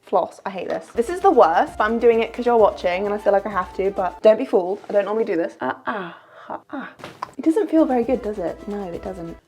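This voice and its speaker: A woman's voice: mid-range voice, lively intonation, quick pace, hardly any pauses, a little mellow, faint music behind. A young British woman in her twenties, chatting to camera in a casual vlog, tired from little sleep, chatty and self-mocking. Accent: British English. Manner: chatty, self-mocking, jumps between topics. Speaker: vlogger.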